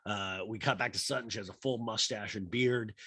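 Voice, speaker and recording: A man's voice: fairly low pitch, fairly even intonation, brisk, pushed and bright, slightly rough, no room sound, clean studio sound. A man hosting a podcast, giving a rambling, mocking comic recap of a TV episode. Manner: mocking, rambling, repeats "I'll say". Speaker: podcast host.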